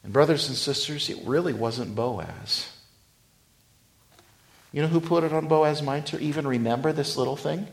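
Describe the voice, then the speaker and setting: A man preaching a sermon as a pastor, swinging between loud emphatic lines and hushed whispers, and reading scripture slowly. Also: a little high, creaky.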